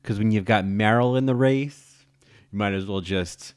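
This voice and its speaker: Campy, enthusiastic male film podcaster, low voice, dry close sound. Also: normal speed, darkish tone, clear, resonant tone, dry recording. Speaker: podcast host. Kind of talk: casual film commentary.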